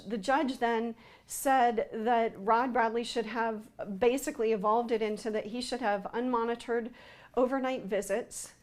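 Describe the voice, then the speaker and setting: A woman recounting a personal account in an interview, speaking haltingly with frequent fillers and restarts. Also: a little high.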